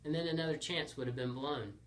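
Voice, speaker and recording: A man hosting and narrating a comic story with a playful, deadpan delivery. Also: a little high, brisk. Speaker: storyteller host.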